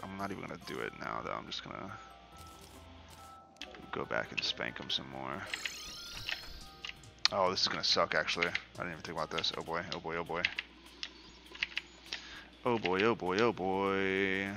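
A man with a low, gravelly voice talks through a video game in casual, profane commentary and swings between mumbling and loud trash talk. Music plays clearly behind him. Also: moderate pace, long pauses. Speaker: gaming commentator.

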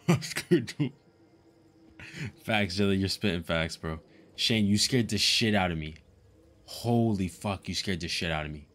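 A young man live-streaming a game, chatting casually, swearing and laughing often in an excitable way. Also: low voice, a little slow, long pauses.

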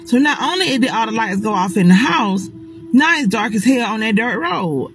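A woman telling a personal story straight to her audience in a casual storytime monologue, animated and dramatic, swearing often. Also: a little high, moderate pace, a little hiss or hum, rough recording.

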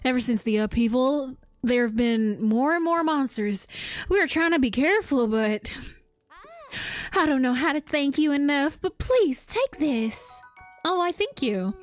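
A woman's voice: high-pitched, expressive, unhurried, faint music behind. A woman voicing a chummy game traveler with a put-on Southern US drawl, reading the dialogue aloud in a homespun way. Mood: folksy. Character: folksy game traveler rescued from monsters.

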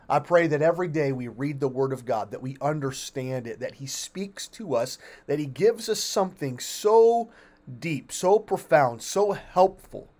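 A man leading a weekday family devotion as pastor, earnest and emphatic, often restarting his phrases as he explains a bible passage. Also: a little mellow. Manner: earnest, emphatic, rises in pitch and volume when reading scripture; frequent restarts and fillers.

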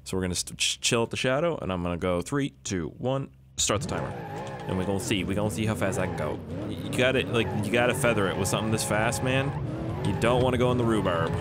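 A young man giving rambling, casual commentary over a driving game, swearing and yelling when things go wrong. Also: on the low side, fast, over loud music. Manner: rambling, excitable, swears, yells when the car crashes. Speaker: gaming YouTuber. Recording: noisy game audio behind the voice. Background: car engine sounds from the game.

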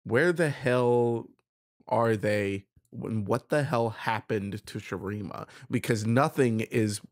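A man's voice: fairly low pitch, takes it slowly, dry recording, clean studio sound. A man co-hosting a casual podcast, explaining game lore in a rambling, explanatory way. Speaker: podcast co-host.

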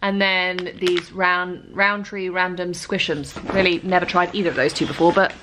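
A woman's voice: lowish voice, fairly even intonation, normal speed, noisy background. A young woman from Britain chatting casually in a vlog, talking to her puppy and to the camera. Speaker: vlogger.

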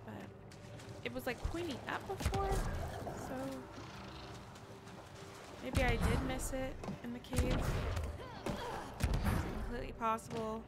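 A woman's voice: sits high, animated, takes it slowly, long pauses, over loud music. A woman gamer giving casual commentary while she plays, often frustrated, swearing and mocking herself.

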